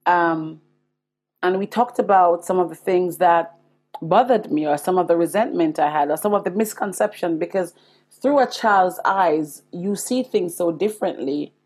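A woman's voice: lowish voice, darkish tone, breathy edge. A Jamaican woman in her forties, hosting a podcast and telling her own life story in an earnest, confiding way, speaking straight to her listeners. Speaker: podcast host. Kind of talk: personal storytelling monologue.

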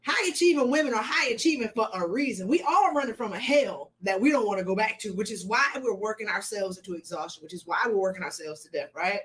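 A woman's voice: medium pitch, expressive, fast, hardly any pauses, fairly bright tone. Earnest woman coach interviewing. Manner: earnest, repeats key lines, motivational. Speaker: coach and host.

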